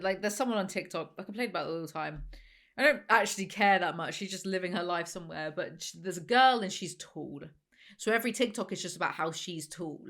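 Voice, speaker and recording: A woman's voice: mid-range voice, a bit bright. A woman, chatting sarcastically to camera as host of a reaction video. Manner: sarcastic, ranting, quick asides. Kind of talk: casual chat to camera.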